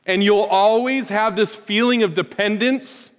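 Pastor delivering a sermon, emphatic and dynamic, slightly high-pitched man, church sanctuary with long reverb. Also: unhurried, hardly any pauses, clear, resonant tone. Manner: emphatic, swings from loud rhetorical questions to hushed lines. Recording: hall reverb.

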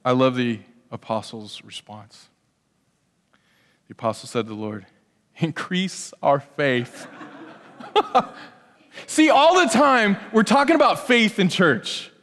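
A male pastor preaching a sermon, swinging between hushed asides and loud, emphatic peaks. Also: a little high, very animated, takes it slowly, long pauses, long reverb tail. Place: church sanctuary.

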